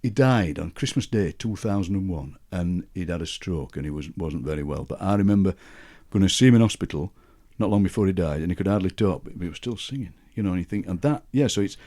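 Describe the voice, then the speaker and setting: Lively Barnsley-accented older man. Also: sits low, fast talker, few pauses. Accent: Yorkshire, Barnsley. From Yorkshire, England. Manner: chatty, warm-humoured, chuckles through his stories. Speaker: guest poet. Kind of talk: anecdotal conversational storytelling.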